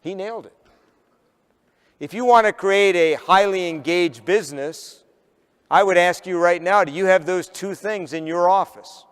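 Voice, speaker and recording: A male keynote speaker with a fairly high, smooth, clear voice tells a story from a conference stage. He is from the northern United States and drives his points home with punchy rhetorical questions. The sound carries a long hall reverb. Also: measured pace.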